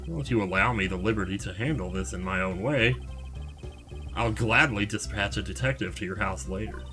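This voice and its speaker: A man's voice: sharp tone, soft background music. A man doing a stiff, formal prosecutor. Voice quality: lowered, measured and stiffly formal.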